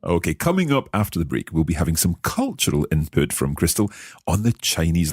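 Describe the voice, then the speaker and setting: Deep, lively-voiced Scottish man. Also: brisk, breathy edge, dry recording, studio quality. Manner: curious, repeats phrases after the teacher. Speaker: learner co-host. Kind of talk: language lesson podcast.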